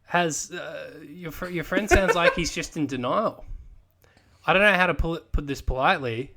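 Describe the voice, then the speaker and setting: A man co-hosting a podcast, halting and repeating words, in mock outrage. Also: fairly high pitch, pushed and bright. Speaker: podcast co-host. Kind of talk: casual chat.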